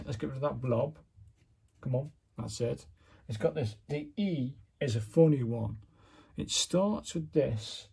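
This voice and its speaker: A man's voice: mid-range voice, creaky, warm tone, breathy edge. A man casually demonstrating his work step by step, chatty and self-critical as he narrates each move. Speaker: calligraphy hobbyist demonstrating.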